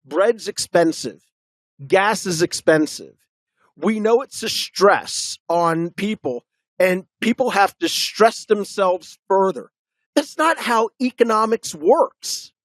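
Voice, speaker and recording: A man's voice: high voice, lively intonation, takes it slowly, dry recording. A man co-hosting a political talk show, arguing emphatically and firing off rhetorical questions. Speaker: podcast co-host.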